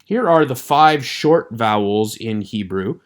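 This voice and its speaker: A man teaching a recorded online lecture with a measured, explanatory delivery. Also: medium pitch, lively intonation.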